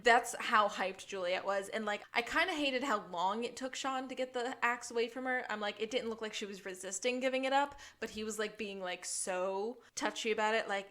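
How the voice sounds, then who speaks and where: A woman co-hosting a podcast, casually recapping a TV episode and acting out lines in a high, excited voice. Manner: animated, acts out quoted lines in a high voice. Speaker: podcast co-host.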